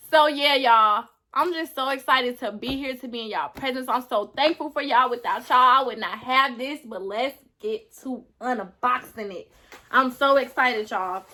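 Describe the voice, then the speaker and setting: A woman's voice: high voice, normal speed, sharp tone. A woman vlogging casually to her viewers, earnest and gushing as she talks straight to them. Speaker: beauty YouTuber. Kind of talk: casual vlog to camera.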